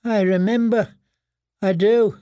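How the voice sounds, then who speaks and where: A man voicing a starved, broken male prisoner who whimpers and begs in a thin, weak, squeaking voice, stammering with terror. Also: steady tone, very slow, a little mellow, dry recording, studio quality, exaggerated voice. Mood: broken, tearful.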